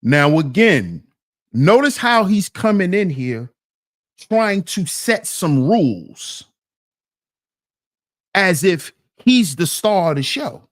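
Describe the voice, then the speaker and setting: Male stream host with an indignant, preachy delivery, slow and very animated. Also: high-pitched. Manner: indignant, preachy, rhetorical questions to his chat. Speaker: commentary channel host. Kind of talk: reaction commentary to a debate clip.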